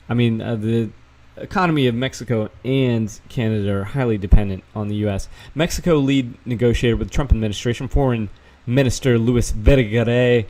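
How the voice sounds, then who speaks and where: A man's voice: mid-range voice, a little mellow. Sarcastic, profane man reading news aloud. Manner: sarcastic, profane, reads articles aloud with asides. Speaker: vlogger fact-checking news. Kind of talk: casual screen-share commentary.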